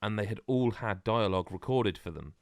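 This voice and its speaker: A man co-hosting a podcast in casual chat, rambling and animated with many restarts. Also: on the low side, fairly quick, no room sound, clean studio sound. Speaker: podcast co-host.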